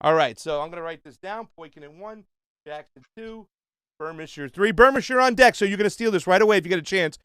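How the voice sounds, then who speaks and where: Chatty high-voiced man hosting trivia. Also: quick pace, fairly bright tone, smooth, no room sound, studio quality. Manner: loose, chatty, frequent fillers and restarts. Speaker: trivia game host. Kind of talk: casual livestream trivia hosting.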